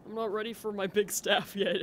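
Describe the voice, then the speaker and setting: A man commentating a horror game as he plays, talking to himself, jumpy and quick to exclaim and laugh. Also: sits high, little pitch movement, fairly bright tone, a little hiss or hum. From United States. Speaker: gameplay commentator. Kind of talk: let's play commentary.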